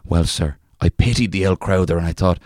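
A young man with a very low voice reads an old folk tale aloud. He does it in a thick storyteller's brogue, stopping now and then for a wry aside. The sound is close and dry. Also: a little fast, darkish tone, no echo. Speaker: podcast co-host reading a folk tale. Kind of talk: casual podcast chat with dramatic reading.

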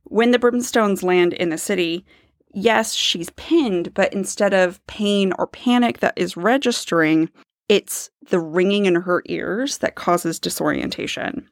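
A woman's voice: mid-range voice, measured pace. A woman co-hosting a casual book-discussion podcast, laying out her points at length in a thoughtful way. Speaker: podcast co-host.

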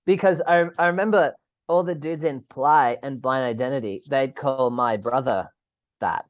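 A man's voice: medium pitch, normal speed, no room sound, studio quality. A man with an Australian accent, a podcast guest chatting casually over a call, rambling and swearing as he restarts his sentences.

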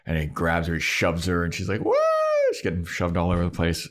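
A man's voice: low-pitched, fairly quick. A man co-hosting a podcast, recapping an episode in casual chat and playfully acting out the characters' lines. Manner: animated storytelling, acts out characters' lines in funny voices. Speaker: podcast co-host.

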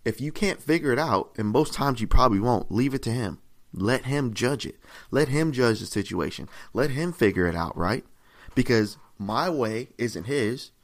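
A man preaching a sermon in a conversational, repetitive way, often checking in with "right?" and rising in pitch and volume to stress a point. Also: expressive, normal speed. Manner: rises in pitch and volume for emphasis.

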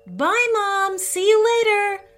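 An eager little boy from a storybook, high-pitched and bursting with excitement, calling out in bright exclamations, as a woman puts him on. His voice jumps up and down with enthusiasm, with soft music underneath. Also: slow, exaggerated voice. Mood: excited. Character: excited young boy inventor.

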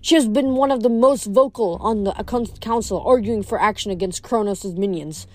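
A woman's voice: mid-range voice, moderate pace, a little mellow, soft background music, lightly acted. A woman voicing a stern ancient huntress girl who speaks in a formal, archaic way. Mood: curt formal.

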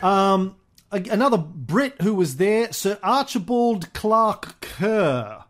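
A man's voice: high voice, sing-song, slow pace, a bit bright. A man hosting a history podcast, telling the story in a chatty, casual way with frequent fillers and easy laughs. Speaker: podcast host.

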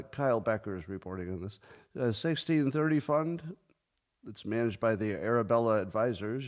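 A man in his sixties hosting a solo commentary show, talking casually with dry sarcasm and mock outbursts. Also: medium pitch. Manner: sarcastic, deadpan joking with sudden mock outbursts. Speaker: podcast host.

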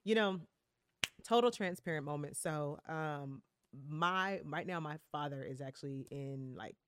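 A woman's voice: low voice, unhurried, smooth, dry recording, clean studio sound. A woman guest on a podcast, speaking earnestly and reflectively with frequent fillers and affirmations. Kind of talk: casual chat.

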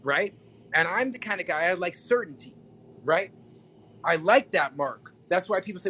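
A man in a casual podcast chat, an animated storyteller who repeats phrases and laughs often. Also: sits high, moderate pace, a little hiss or hum, poor audio. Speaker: podcast guest.

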